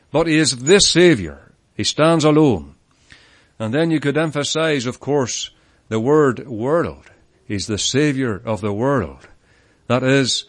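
An older man preaching a sermon at an evening tent meeting, his voice a touch high. He talks earnestly and leans hard on key words. The sound is dry and close, with no room echo.

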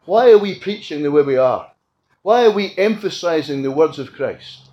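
A man preaching an evangelistic sermon at a tent meeting, swinging between loud appeals and hushed, quiet lines. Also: on the high side, lively intonation, moderate pace, lo-fi sound.

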